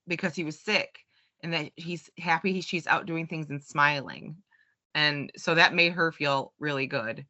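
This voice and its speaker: Woman podcast host telling stories, kinda low voice, muffled lo-fi sound. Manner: chatty storyteller, quotes others in lively voices. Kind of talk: casual chat. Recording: dull lo-fi sound.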